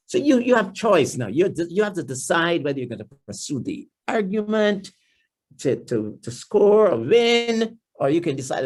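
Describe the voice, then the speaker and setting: A man with a Trinidadian accent, a guest speaker at a church family series, explaining and often repeating words and restarting, and dropping into a lower, softer voice when he voices someone's inner thoughts. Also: sing-song, moderate pace. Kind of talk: seminar-style talk in church.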